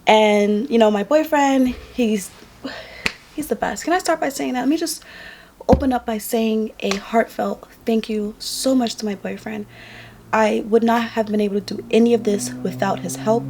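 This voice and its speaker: Woman vlogger, fairly high voice, worn out, tells a personal story to camera, leans on repetition for emphasis. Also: darkish tone. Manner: emphatic, repeats lines for effect. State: tired. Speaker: vlogger and makeup artist.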